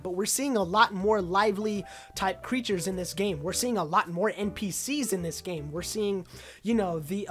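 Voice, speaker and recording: A woman giving casual, excited commentary on a video game trailer, rambling with lots of uh and like fillers. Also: lowish voice.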